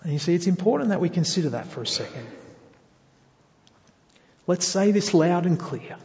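A man delivers a sermon in a slightly high voice, earnest and fond of rhetorical questions. His words ring out with a long reverb, as if in a large church hall. The recording is dull and lo-fi. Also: animated, normal speed, a little mellow. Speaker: preacher.

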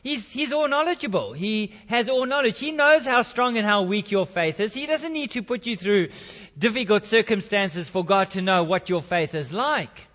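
A man's voice: sits high, expressive, normal speed, a bit bright, in a large hall, highs cut off. A man preaching a sermon and leading prayer, earnest and reflective, with frequent restarts.

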